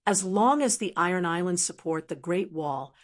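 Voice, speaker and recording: A woman voicing a proud, cool young dragon queen in an audiobook, talking flat and matter-of-fact. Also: fairly low pitch, normal speed, natural voice. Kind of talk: audiobook narration.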